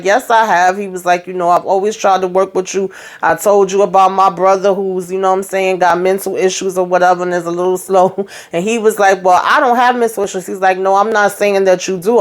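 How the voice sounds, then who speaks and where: A woman talking through a TV episode in a loose, chatty way, acting out what each character said and dropping in her own sarcastic remarks. Her pitch sits in the middle range. She keeps it conversational, like she is catching a friend up. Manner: chatty retelling full of quoted dialogue and asides; wry, sarcastic commentary on the characters. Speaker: show recap host. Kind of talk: casual TV episode recap.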